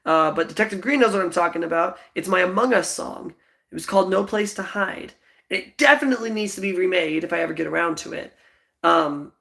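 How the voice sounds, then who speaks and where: Young man, twenties, livestream host, rambling casual chat, giggly, gravelly fry. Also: high voice, sharp tone. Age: 20s. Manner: rambling, giggly, lots of fillers.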